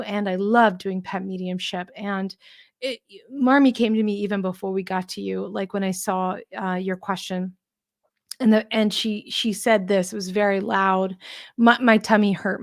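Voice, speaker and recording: A woman giving a live pet mediumship reading, gentle and reassuring, with many fillers and restarts. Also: medium pitch, normal speed, no echo, clean studio sound. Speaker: tarot reader and pet medium.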